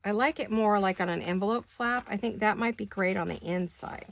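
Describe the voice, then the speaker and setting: Hoarse older woman chatting as she crafts. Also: mid-range voice, a little fast, a little hiss or hum. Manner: chatty, thinking aloud, wandering asides. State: hoarse, deep voice. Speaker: craft vlogger. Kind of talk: casual chat while crafting. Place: home craft studio.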